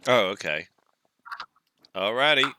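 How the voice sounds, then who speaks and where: A man's voice: mid-range voice, lively intonation, slow, background noise. A man playing a tabletop game, chatting and checking the rules aloud as he works through his turn. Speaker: player. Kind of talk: casual chat during a tabletop game.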